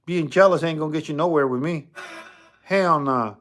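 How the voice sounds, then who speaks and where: A man in a casual spirit-box chat, talking in a streetwise way and scolding with animated asides. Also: fairly high pitch, moderate pace. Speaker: paranormal streamer.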